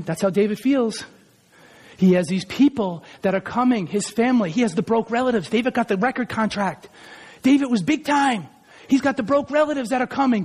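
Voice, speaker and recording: A man in his forties preaching a lively sermon, who often breaks into shouts as he acts out scenes. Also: very high-pitched, brisk, breathy edge. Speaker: pastor who also teaches school.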